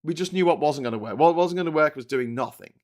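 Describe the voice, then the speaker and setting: A man's voice: on the high side, fast talker, a little mellow. A man with a Liverpool accent hosting a live political stream, ranting angrily with heavy swearing and rhetorical questions. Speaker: political commentary host.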